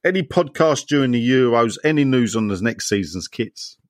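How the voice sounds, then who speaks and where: Listener messages get read aloud by this podcast host, whose mid-range voice moves at a moderate pace amid lively joking with his co-hosts. Clean studio sound, no echo.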